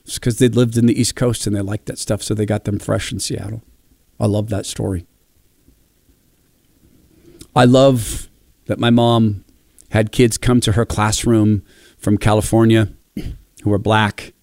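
A middle-aged man from Spokane in a reflective monologue, telling animated stories and acting out quoted voices. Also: lowish voice, moderate pace, gravelly, no room sound, clean studio sound. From Spokane, Washington, USA.

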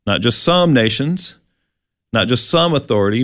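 A man's voice: medium pitch, lively intonation, normal speed, fairly bright tone, dry recording, clean studio sound. Man teaching Bible verses in casual chat. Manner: explanatory, with many fillers and restarts. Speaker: co-host.

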